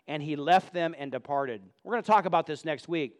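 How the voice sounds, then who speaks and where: A man's voice: fairly high pitch, brisk, few pauses. A man reading scripture aloud and explaining it in a Bible teaching, often stumbling and repeating words when he speaks off the cuff.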